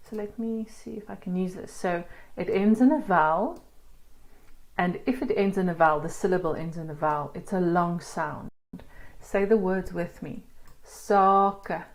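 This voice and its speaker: A woman's voice: fairly low pitch, darkish tone. A woman teaching an online language lesson, explaining step by step in a patient, encouraging way. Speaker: Afrikaans teacher.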